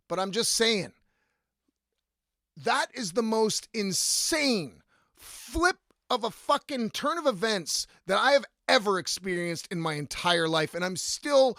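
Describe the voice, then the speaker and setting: A man hosting a podcast, telling a rambling story in a casual, profane and lively way. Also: high-pitched, dry recording, clean studio sound. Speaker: podcast host.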